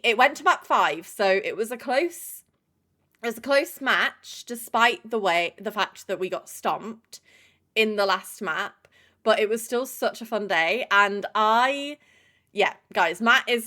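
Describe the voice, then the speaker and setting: Young woman streamer, casual and chatty, swears a lot, mid-pitched voice. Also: fairly bright tone. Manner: chatty, swears freely, greets chatters by name. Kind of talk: casual live-stream chat.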